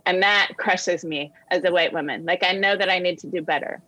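A woman guest on a discussion show, telling a personal story with animated quoted voices. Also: fairly low pitch, brisk, hardly any pauses, no room sound, rough recording. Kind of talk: storytelling in conversation.

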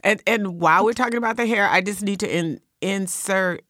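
A woman's voice: medium pitch, fairly quick, no room sound, studio quality. A woman co-hosting a casual talk show, telling a story with dramatic flair. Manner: animated, dramatic storyteller with loud acted outbursts. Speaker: podcast co-host.

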